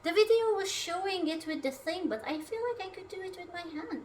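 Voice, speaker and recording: High-pitched bright woman streamer, off-mic. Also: expressive, a little fast, far from the mic, a little hiss or hum. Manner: rambling, swears often, talks to her food and chat. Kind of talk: casual live-stream chatter while cooking. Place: home kitchen.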